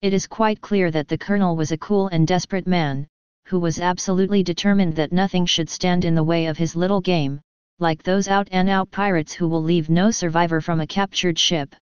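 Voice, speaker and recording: A woman reading a classic story aloud in an even, measured narration. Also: lowish voice, clear, resonant tone, no room sound, dull audio. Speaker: audiobook narrator. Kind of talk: scripted narration.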